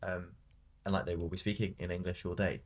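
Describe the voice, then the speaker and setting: Man, very low voice, podcast co-host, easygoing casual chat, quick short replies. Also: level tone.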